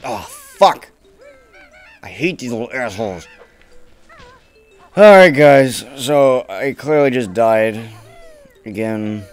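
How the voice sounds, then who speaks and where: A young man commentating his own gameplay casually, swearing often and bursting into frustrated shouts. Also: medium pitch, expressive, slow pace, pauses often, smooth, soft background music. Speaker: let's play gamer.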